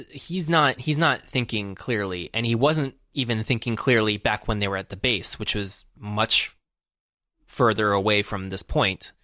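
A man's voice: on the low side, pushed and bright, no room sound, clean studio sound. A man co-hosting a podcast, talking casually about a film with many fillers and restarts. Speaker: podcast co-host.

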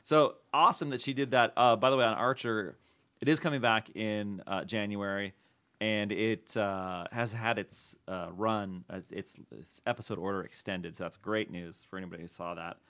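A man's voice: on the low side, fairly even intonation, moderate pace, fairly bright tone. A man hosting a casual podcast, joking and laughing often with his co-hosts. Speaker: podcast host. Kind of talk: casual chat.

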